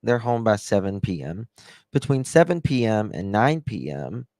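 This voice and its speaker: A man's voice: lowish voice, big pitch swings, moderate pace, darkish tone, no room sound. A man hosting a casual livestream from his home office, rambling and repeating himself as he reads chat and talks things through. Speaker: livestream host. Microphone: desk microphone. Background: birds chirping through open window.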